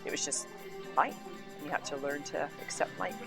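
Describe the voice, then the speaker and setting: A woman's voice: deep voice, moderate pace, vocal fry, over music. A woman from Canada, a former cyclist, telling candid stories in a documentary interview. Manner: candid storytelling, acts out quoted exchanges.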